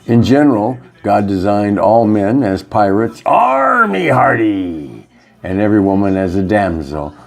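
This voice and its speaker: A man giving a rambling spiritual talk as a yoga teacher, halting often and using many fillers. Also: on the low side, huge pitch swings, vocal fry. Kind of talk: casual spiritual monologue.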